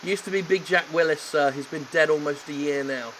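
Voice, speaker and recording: A man reading the lines of an old gardener flatly, in his own voice. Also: fairly high pitch, brisk, background noise, lightly acted. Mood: dry. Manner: flat plain reading. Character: old male gardener, grumbling.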